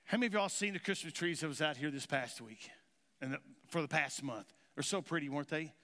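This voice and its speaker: A man's voice: fairly high pitch, fairly quick, pushed and bright. A man preaching a sermon as pastor, telling a folksy story and quizzing his congregation. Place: church sanctuary. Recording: reverberant church hall.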